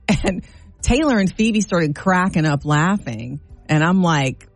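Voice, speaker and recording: A woman's voice: fairly low pitch, takes it slowly. A middle-aged woman co-hosting a morning radio show, telling stories with lots of laughter in casual banter. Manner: animated storytelling, laughs often.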